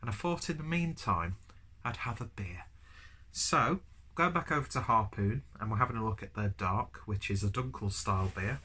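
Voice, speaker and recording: A man's voice: lowish voice, animated, moderate pace, sharp tone, slightly rough. A man with a cold and a stuffy nose, reviewing a beer in a rambling, chatty, self-deprecating way. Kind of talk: casual review vlog.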